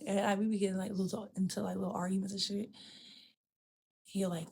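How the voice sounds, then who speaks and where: A woman's voice: medium pitch, fast, slight background noise. A woman hosting a podcast, telling a personal story in candid chat, blunt and profane, acting out the people she quotes. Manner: frank and profane, addresses listener as "girl" and "bitch"; animated, acts out quoted people. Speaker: podcast host.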